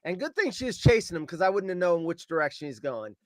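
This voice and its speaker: Man, high voice, animated storytelling, acts out shouted quotes, dry sound. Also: fast talker, dry recording.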